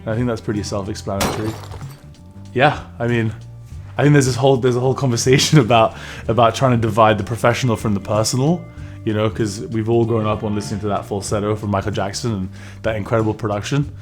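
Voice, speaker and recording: Easygoing male bassist. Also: steady tone, fast, soft background music. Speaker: band bassist. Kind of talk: casual interview answers.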